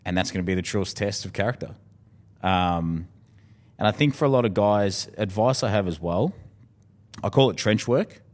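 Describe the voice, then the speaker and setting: A man's voice: lowish voice, animated, moderate pace, pauses often. An Australian man speaking as a podcast guest in casual conversation, candid and heartfelt, swearing freely.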